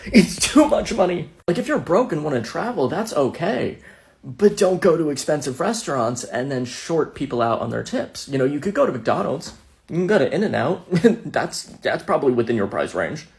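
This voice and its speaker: A man's voice: a little high, big pitch swings, moderate pace, creaky. Exasperated man lecturing. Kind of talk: social media rant.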